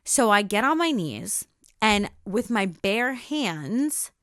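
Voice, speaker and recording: A woman's voice: mid-range voice, sing-song, a bit bright, dry recording, clean studio sound. Woman telling an emotional personal story. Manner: emotional, repetitive storytelling with slowing emphasis. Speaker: podcast host.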